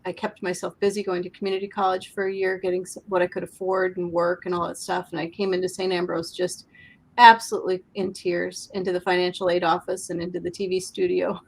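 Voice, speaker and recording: A woman's voice: lowish voice, level tone, fast talker, breathy edge, poor audio. A woman hosting an interview, chatty and enthusiastic as she shares her own stories. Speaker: host. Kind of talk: casual interview chat.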